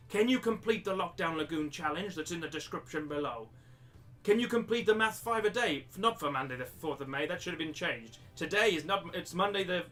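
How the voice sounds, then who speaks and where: A man's voice: fairly high pitch, fairly bright tone. A man teaching a live-streamed maths lesson step by step, slipping into a jokey pirate-like accent. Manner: explains step by step, repeating himself.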